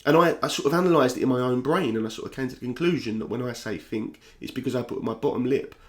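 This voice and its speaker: A young man from South London, with the accent to match, talks very fast at a medium pitch. He's a YouTuber speaking candidly to camera in a reflective talking-head vlog, restless, often repeating himself and restarting sentences.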